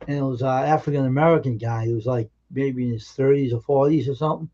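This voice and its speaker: Mellow-voiced man telling eerie anecdotes. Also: mid-range voice, fairly even intonation, highs cut off. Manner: earnest, emphatic anecdote-telling with halting restarts. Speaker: live streamer. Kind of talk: casual storytelling on a live stream.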